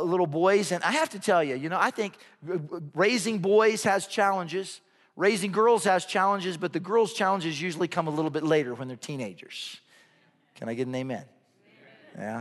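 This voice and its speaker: A man with a high voice preaches a sermon, telling stories and asking the congregation rhetorical questions. His words ring out with a long echo, like a large church hall. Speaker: pastor.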